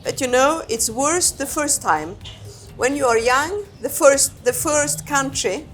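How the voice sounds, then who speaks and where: A woman ambassador speaks candidly in a relaxed interview. Her voice sits somewhat high, and she talks in a reflective, unhurried way, often repeating words as she gathers her thoughts. Faint music plays in the background. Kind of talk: candid conversational interview answers.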